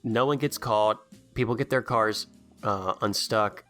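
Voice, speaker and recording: A man co-hosting a podcast, chatting casually about a movie with sarcastic jokes and quick silly character voices. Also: lowish voice, fairly bright tone, faint music behind. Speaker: podcast co-host. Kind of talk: casual movie commentary chat.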